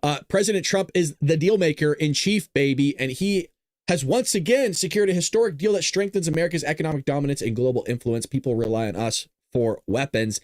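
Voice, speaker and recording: Speaking a little fast, a man hosts an informal political commentary program with an animated, jokey style, laughing often and switching into silly high voices. It's recorded in a studio with no echo.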